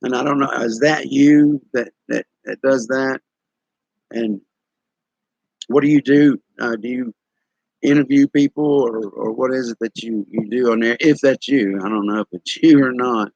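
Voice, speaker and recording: Older tennessee guy w southern drawl, gravelly and a bit husky, dull lo-fi stream sound. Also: medium pitch, fairly even intonation, a little slow, a little mellow, dry recording. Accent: East Tennessee Southern. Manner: drawling, folksy, chuckling storyteller. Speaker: live stream host. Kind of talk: casual storytelling to chat viewers.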